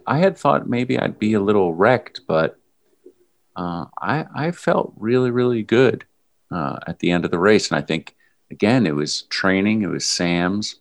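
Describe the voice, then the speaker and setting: A man in casual conversation, animatedly recounting a long run with his friend. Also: on the low side. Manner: animated storyteller, mimics shouting.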